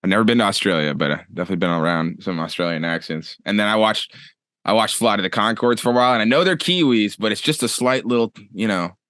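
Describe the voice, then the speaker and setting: A man co-hosting a podcast, chatty and quick to laugh. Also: on the low side, fairly bright tone, dry recording. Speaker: co-host. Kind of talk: casual podcast chat.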